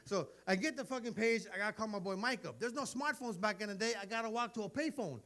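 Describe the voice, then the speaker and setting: A man's voice: high voice, animated, quick pace, a bit bright. A man, telling stories in a brash, profane stand-up comedy set. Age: 40s. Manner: brash, profane storytelling with acted-out dialogue.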